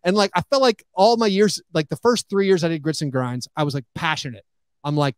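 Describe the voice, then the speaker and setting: A man talking as a guest on a podcast, animated, full of "like" and acting out what other people say. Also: fairly high pitch, fairly quick, smooth, dry recording. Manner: animated, acts out quoted remarks, heavy use of "like". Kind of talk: casual podcast chat.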